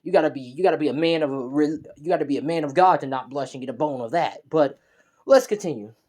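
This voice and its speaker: A man's voice: on the high side, quick pace, darkish tone. A young man narrating a fan story casually, in a rambling, slangy way. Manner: rambling, slangy, many fillers and restarts.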